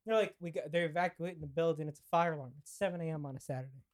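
A man's voice: a little high, racing. A young man co-hosting a podcast, telling a story casually, acting out the quoted lines, laughing and swearing as he goes. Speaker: podcast co-host.

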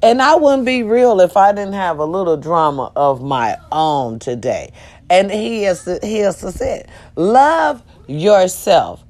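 A woman's voice: lowish voice, big pitch swings, a little slow, darkish tone. A woman talking casually to her viewers, telling a story with profanity and sudden shrieks. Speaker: vlogger.

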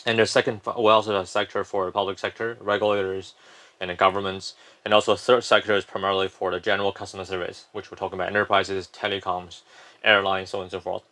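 A man's voice: on the low side, bright, forceful tone. A man, a company founder, explaining his firm at length in a casual interview, often restarting sentences.

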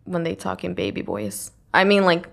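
Podcast host, female, gravelly voice with vocal fry, animated gossipy storyteller. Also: lowish voice, normal speed. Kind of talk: casual chat.

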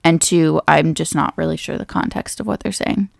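Chatty young woman, low with some fry. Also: fairly even intonation, moderate pace, no room sound, clean studio sound. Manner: chatty, self-deprecating, thinks aloud. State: pregnant. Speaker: vlogger. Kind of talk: casual chat.

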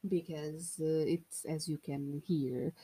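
A woman's voice: deep voice, fairly even intonation, takes it slowly, mellow, breathy edge. A woman in her thirties from Portugal with a Portuguese accent, hosting a solo podcast in a playful, rambling, self-mocking way. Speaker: podcast host.

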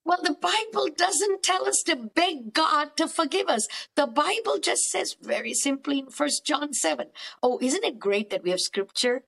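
A woman with a high, bright-sounding voice talks as a guest therapist on faith and healing. She is animated and emphatic, repeating key phrases to drive them home. Her delivery is lively and quick. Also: vocal fry, rough recording. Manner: animated, acts out dialogues with God. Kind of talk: faith-based counseling talk.

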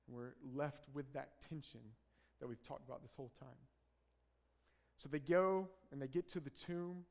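A pastor delivering a sermon in an earnest, building way, his man's voice sitting a little high. The reverb of a large hall trails behind each phrase. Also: darkish tone.

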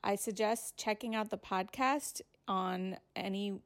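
A woman hosting a podcast, giving a steady introduction of her guests. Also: mid-range voice, unhurried. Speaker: podcast host. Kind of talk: host introduction.

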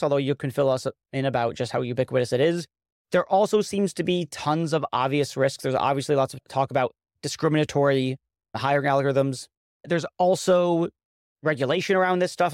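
A man's voice: on the high side, smooth, no room sound, clean studio sound. A man hosting a podcast, introducing the topic and asking questions in an earnest way, often restarting his phrases. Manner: earnest, restarts and repeats words. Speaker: podcast host.

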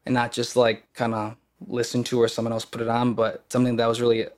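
A man's voice: medium pitch, completely flat delivery, quick pace, darkish tone. A young man from the US Midwest, an actor talking casually as a podcast guest, rambling with many fillers and restarts. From Kenosha, Wisconsin, US Midwest. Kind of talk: casual conversation.

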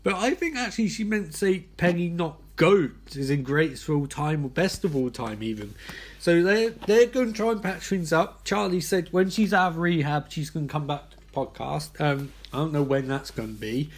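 A high-pitched man hosts his podcast in a comic monologue, exhausted and unravelling. His voice leaps all over the place as he lurches between frantic, swearing rants and drained mumbling. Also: expressive, normal speed, husky. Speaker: podcast host.

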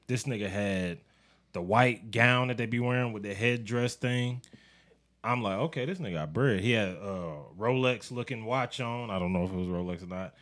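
A young man spins a casual podcast story, his voice swinging up high when he acts out what others said. He laughs often and keeps an easy, loose delivery throughout. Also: normal speed, fairly bright tone.

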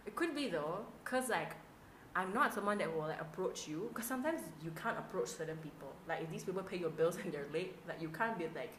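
A woman with a lilt tells stories on a casual podcast, acting out every line of dialogue with plenty of swearing. Her voice sits on the low side, and the room around her adds a noticeable echo. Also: fast talker, a little hiss or hum. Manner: animated storytelling, acts out dialogue, swears freely. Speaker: podcast co-host. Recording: roomy echo.

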